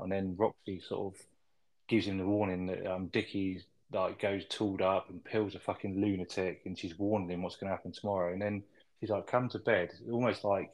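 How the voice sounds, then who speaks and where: Male co-host, lower voice, laid-back storytelling recap, sprinkled with "you know". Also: rough recording. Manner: relaxed plot recap, hedging fillers. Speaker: podcast co-host. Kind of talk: casual film review chat.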